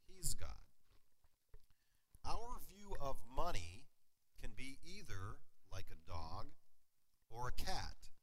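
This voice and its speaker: A man's voice: mid-range voice, a little hiss or hum, rough recording. A man preaching a sermon to his congregation, asking them questions and joking with them. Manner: lively, engages congregation with questions and humor. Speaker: pastor. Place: church sanctuary.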